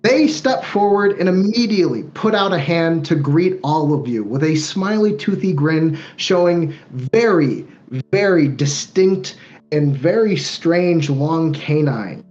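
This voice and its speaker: Guy dming a tabletop game, rambly descriptive narration, kinda higher voice, muffled lo-fi audio. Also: animated, measured pace, a little mellow. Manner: loose, descriptive, hedging with fillers. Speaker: game master.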